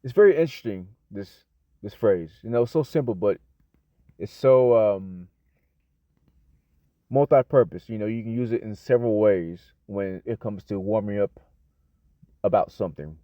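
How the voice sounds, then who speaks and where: A man's voice: on the low side, normal speed, pauses often, dry recording. An American man giving an unscripted casual English lesson, rambling with lots of fillers, restarts and self-corrections. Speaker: English teacher. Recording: dull, lo-fi dry sound.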